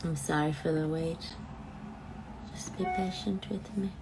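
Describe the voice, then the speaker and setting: Slow, chatty woman hosting a livestream. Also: deep voice, steady tone, noisy background. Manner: chatty, loose, thinks aloud while waiting. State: allergies. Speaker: host of a live online talk show. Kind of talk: casual live-stream chat.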